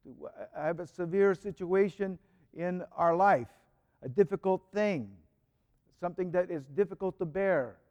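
A man's voice: high voice, unhurried, a little mellow, in a large hall, highs cut off. A man preaching a reflective homily and reading church prayers aloud with rising emphasis. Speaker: priest.

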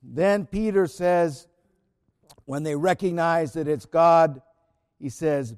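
A man preaching a sermon in an earnest way, repeating key phrases and often dropping to a soft, quiet voice. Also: on the high side, slow pace, long pauses, smooth, in a large hall.

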